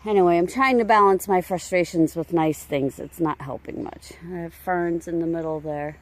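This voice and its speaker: A woman, vlogging outdoors about her overgrown land in a frustrated, emotional way. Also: on the low side. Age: 50s. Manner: frustrated, emotional, talks slowly while showing her yard. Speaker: homestead vlogger. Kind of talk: casual vlog talk. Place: outdoors on a wooded property.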